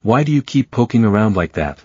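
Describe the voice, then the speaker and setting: A man's voice: fairly low pitch, expressive, fairly quick, darkish tone, breathy edge, no echo, highs cut off. A man reading a sarcastic senior resident doctor. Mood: scolding. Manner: scolding, sarcastic. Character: arrogant male third-year resident doctor.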